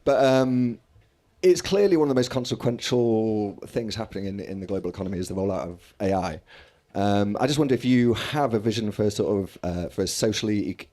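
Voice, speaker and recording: Low-voiced man hesitantly asking a question. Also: darkish tone. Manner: hesitant and searching, with joking asides. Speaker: audience member asking a question.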